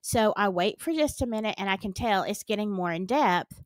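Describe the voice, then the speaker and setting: A woman's voice: medium pitch, expressive, normal speed, no room sound. A middle-aged woman with a Southern US accent, earnestly and dramatically retelling a personal story on her vlog. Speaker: storytime vlogger.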